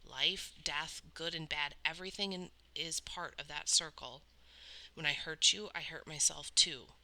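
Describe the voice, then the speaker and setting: A woman reading aloud and voicing a remorseful teenage boy who speaks earnestly and quietly. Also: low-pitched, a little slow, heavily acted, poor audio.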